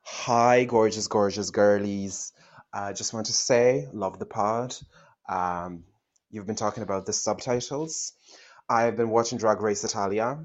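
Male caller, somewhat low voice, campy and chatty voicemail. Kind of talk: voice message.

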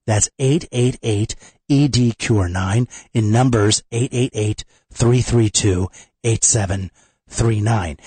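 A man's voice: lowish voice, a little mellow, husky, no echo. A man hosting a radio talk show, a little congested from a cold, talking in a plain conversational way. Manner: conversational, repeats phone numbers. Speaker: radio host.

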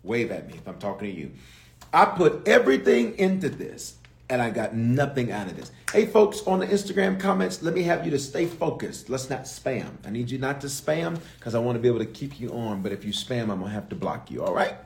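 A man's voice: medium pitch, animated, fast, creaky, hardly any pauses, darkish tone. A man preaching a livestreamed sermon as a bishop. He talks straight to his viewers and repeats phrases over and over for emphasis. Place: livestreamed service, reading viewer comments.

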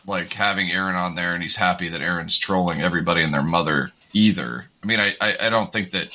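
A man's voice: deep voice, fast, sharp tone. A man chatting about sports on a podcast, hesitant and hedging as he speaks. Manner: hesitant, hedging, full of fillers. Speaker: podcast co-host. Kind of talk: casual sports chat.

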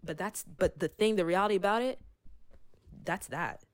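Fervent woman, casual faith chat, emotional, hushed quoted lines. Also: medium pitch, normal speed. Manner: fervent, emotional, acts out God's words softly.

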